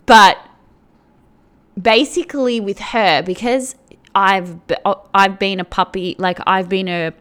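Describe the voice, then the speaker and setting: A woman's voice: medium pitch, fairly even intonation, slow, fairly bright tone, clean tone. A woman hosting a podcast, talking in a casual, rambling way, full of "like"s and restarts. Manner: rambling, filler-heavy, with many "like"s and restarts. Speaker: podcast host.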